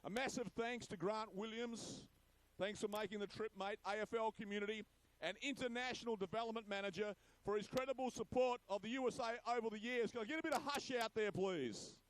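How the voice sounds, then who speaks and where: A man, emceeing an awards ceremony in a jokey, boisterous way and hushing the crowd. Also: high-pitched, a little fast, slight background noise, rough recording. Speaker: master of ceremonies.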